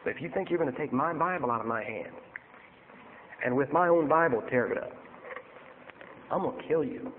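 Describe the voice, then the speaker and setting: A male preacher telling a story in a sermon, acting out both sides and getting loud and heated. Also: mid-range voice, brisk, long reverb tail, narrow, tinny audio, slight background noise.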